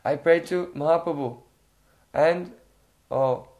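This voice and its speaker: A man giving a devotional lecture, telling a story in an unhurried, reflective way and often checking in with listeners with a questioning "hmm?". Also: a little high, a little mellow. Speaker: spiritual teacher.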